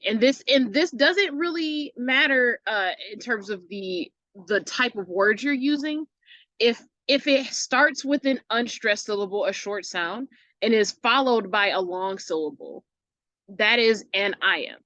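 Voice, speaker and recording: A woman teacher explaining a lesson patiently and casually, often checking in with "right?" and filling pauses with "uh" and "um". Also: fairly high pitch, animated, bright, forceful tone, no echo, rough recording.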